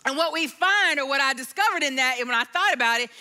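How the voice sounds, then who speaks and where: A woman preaching a sermon, telling a family story in an animated storytelling way before turning to scripture. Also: high-pitched, fast. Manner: storytelling, animated, acts out quotes.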